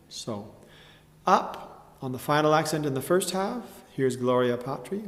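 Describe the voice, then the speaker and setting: A man teaching a chant tutorial, explaining slowly and carefully and often clearing his throat. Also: a little high, expressive, a bit bright, long reverb tail. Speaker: music teacher.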